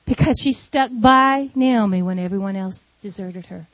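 A woman preacher delivering a sermon through an animated, conversational retelling of a story. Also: mid-range voice, normal speed, dry recording.

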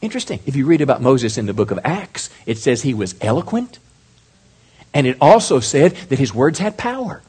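Here a middle-aged pastor preaches with energy, often turning to ask his congregation questions. His voice is mid-range, carrying a breathy quality.

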